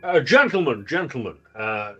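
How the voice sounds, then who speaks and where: A man voicing a polite, talkative male doctor in a put-on German accent, smoothly steamrolling every objection. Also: mid-range voice, sing-song, normal speed, pushed and bright, highs cut off, soft background music, heavily acted. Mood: ingratiating. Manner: smooth, insistent, steamrolls the conversation.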